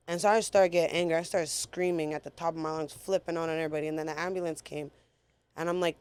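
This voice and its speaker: A woman's voice: on the low side, fast talker, clear, resonant tone. Blunt, profane woman telling her story. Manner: blunt, profane, animated retelling. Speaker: guest. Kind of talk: casual storytelling interview.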